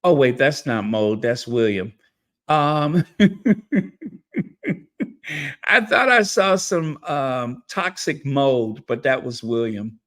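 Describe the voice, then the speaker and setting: A man hosting a live stream who reads out messages from his members and thanks each one. He speaks at an unhurried, drawn-out pace, and his voice sits at an ordinary middle pitch. He is openly emotional and effusive in his thanks. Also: sing-song, a bit bright. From United States. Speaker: channel host reading member messages. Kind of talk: live-stream chat reading.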